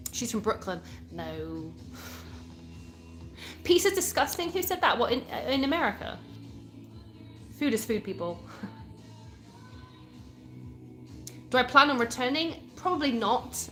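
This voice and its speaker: A woman's voice: on the high side, very animated, slow pace, long pauses, sharp tone, soft background music. A young British woman from England hosting a casual live stream, chatting and answering viewer comments as she reads them aloud. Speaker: livestream host.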